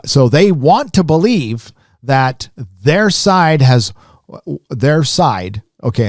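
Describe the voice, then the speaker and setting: A man hosting a live stream, rambling casually with lots of fillers and restarts, his voice rising when animated. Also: medium pitch, dry recording, clean studio sound. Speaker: live show host.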